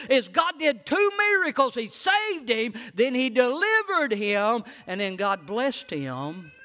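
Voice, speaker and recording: A man preaching a sermon. He swings between hushed, low lines and loud, high-pitched preaching. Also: in a large hall.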